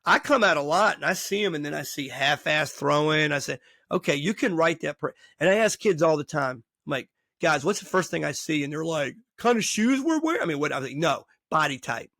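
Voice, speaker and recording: In a fairly high, somewhat quick voice with vocal fry and few pauses, this middle-aged podcast host tells stories as a baseball coach in casual interview conversation. He brings quoted dialogue to life by performing each person's voice. The studio-quality audio has no room sound.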